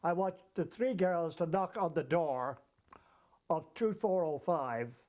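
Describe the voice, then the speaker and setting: A man telling a comic travel anecdote as a storyteller, lively and chuckling along as he goes. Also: on the high side, takes it slowly. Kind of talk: comic anecdote told to an audience.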